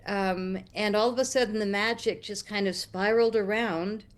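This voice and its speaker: Middle-aged american lady spinning a story, lively, voices all the quotes. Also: normal speed. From United States. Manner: animated, acts out quotes with big pitch jumps. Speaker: interview guest. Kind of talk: storytelling interview.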